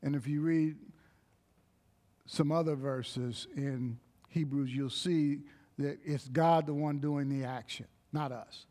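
A man preaching a sermon, slow and emphatic, breaking into short exclamations of praise. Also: a little high, steady tone, warm tone.

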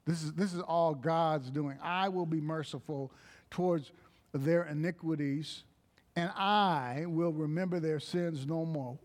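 A male preacher delivers a sermon at a deliberate, unhurried pace. His voice sits a little high, and he leans hard on key words, dropping in short exclamations of praise between points. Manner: slow, emphatic, with interjections of praise.

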